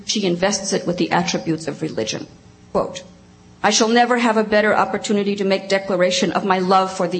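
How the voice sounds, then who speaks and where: A woman on a panel, reading a prepared academic paper aloud in a measured, precise way. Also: medium pitch, a little hiss or hum, rough recording. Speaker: panel speaker.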